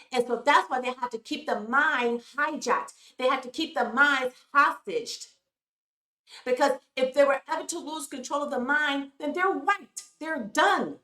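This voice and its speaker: A woman talks straight to her viewers in a preachy, emphatic way and keeps calling them "y'all." Her voice sits a little high and sounds bright and forceful. The recording has a roomy echo. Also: moderate pace. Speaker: YouTube commentary host. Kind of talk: casual commentary vlog.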